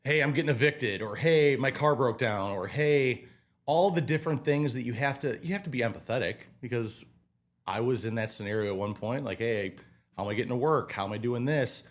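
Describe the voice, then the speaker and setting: A man in his twenties chats casually as a podcast guest. He tells stories from restaurant work with animated energy and acts out people's lines in his own voice. His pitch sits in a middle range. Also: brisk. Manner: animated storyteller, acts out quotes, swears casually. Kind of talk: casual interview storytelling.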